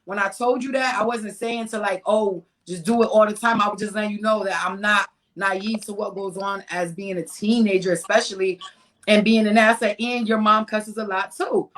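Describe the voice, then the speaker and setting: A woman's voice: medium pitch, moderate pace, rough recording. A woman in her thirties, a mother, chatting casually in a group and acting out her family's lines as she tells stories. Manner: animated storytelling, acts out her family's lines. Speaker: mother of a teenage daughter.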